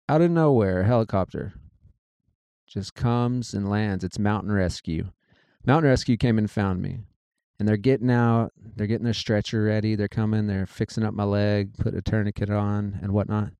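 A man telling a personal story in a casual, animated way, acting out what people said. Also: on the low side, clean tone, dry recording. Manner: animated, quotes people in their own voices.

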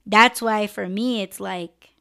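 Slow, emotional woman hosting a live podcast. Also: mid-range voice, steady tone, vocal fry, a bit bright, clear, resonant tone. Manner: emotional, candid, swears freely. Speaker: podcast host. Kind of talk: live-stream podcast monologue.

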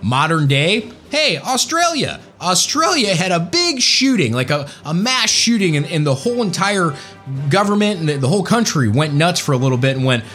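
A man's voice: fairly high pitch, big pitch swings, a little fast, a bit bright, faint music behind. A man hosting a ranting political commentary in a sarcastic, emphatic, jokey way. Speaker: commentary host.

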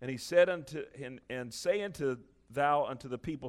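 A man preaching a sermon, reading scripture aloud and breaking off into lively, chuckling asides. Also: mid-range voice, normal speed, hardly any pauses.

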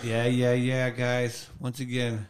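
A man's voice: medium pitch, completely flat delivery, slow pace. A man with an ordinary mid-range voice hosts a podcast. He talks casually and earnestly, repeating himself as he goes. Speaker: podcast host. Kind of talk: casual chat.

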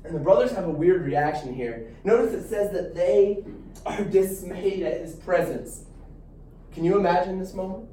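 A young man teaches a Bible class, telling the story with animated asides and little restarts. His voice sits high but mellow in tone. He sounds distant from the mic in a very echoey room. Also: moderate pace, slight background noise.

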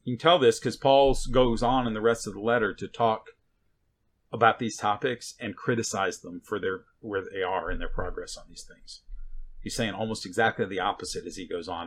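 A man preaching a sermon in a conversational way, with sarcastic asides and frequent checks like "right?" and "okay?". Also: lowish voice.

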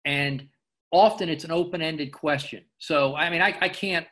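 A man's voice: fairly high pitch, a bit bright. A man being interviewed, speaking earnestly and often repeating words as he gathers his thoughts. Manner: earnest, halting, repeats words while thinking. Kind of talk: casual interview conversation.

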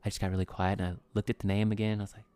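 A man talks through his solo podcast in a loose, rambling way, leaning on "you know" and jumping from loud outbursts to hushed asides. His voice is smooth and resonant, and it sits dry and close with no room around it. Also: lowish voice, flat delivery, rapid-fire, no echo. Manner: loose, rambling, frequent "you know what I'm saying"; swings between loud bursts and quiet asides. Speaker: podcast host. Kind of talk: casual solo podcast chat.

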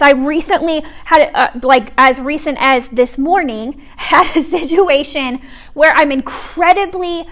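Young woman preaching, high voice, super chatty, lots of "like", gets hushed on the quotes. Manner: earnest, chatty, frequent "like" fillers, drops to a hush for quoted words. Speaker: pregnancy center ministry speaker. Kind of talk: casual sermon talk.

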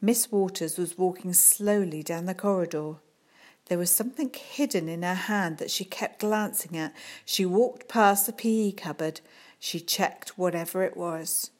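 A woman reading a children's book aloud in a calm, unhurried storytelling manner. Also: lowish voice. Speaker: audiobook reader.

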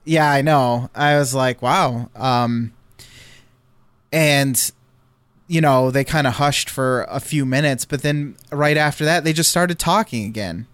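A man's voice: medium pitch, measured pace, fairly bright tone, smooth, dry recording. A man telling a long story in casual chat, rambling with fillers and restarts.

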